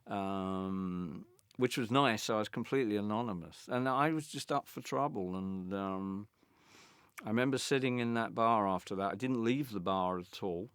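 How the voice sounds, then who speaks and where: A man's voice: lowish voice, normal speed, smooth, no echo, studio quality. Older man telling a story. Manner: animated, acts out quoted voices, stammering restarts. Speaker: interviewee, former band guitarist. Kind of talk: anecdotal interview storytelling.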